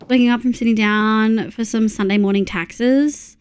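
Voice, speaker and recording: A woman's voice: on the high side, moderate pace, few pauses, clean tone. A woman with an Australian accent streaming a game, grumbling and swearing freely while chatting to her viewers. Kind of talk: casual game stream chat.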